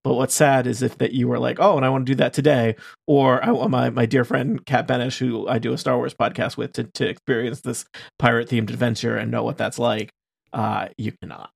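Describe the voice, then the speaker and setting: A man with a mid-range, gravelly voice chats on a casual podcast, recorded dry and close. He is playful and laughs often between his tangents. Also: mid-range voice, flat delivery, fairly quick, dry recording. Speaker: podcast co-host.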